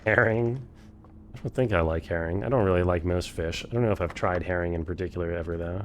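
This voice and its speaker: A man's voice: low-pitched, fast, a little hiss or hum. A man streaming a game for the first time, thinking aloud, swearing freely and chatting with his viewers. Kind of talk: casual live-stream commentary.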